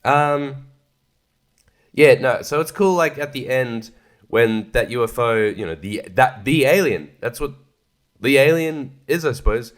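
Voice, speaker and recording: This film-review podcaster has an animated, medium-pitched voice and takes his time. His casual, rambling commentary is sarcastic, laced with swearing, and often broken up by laughter.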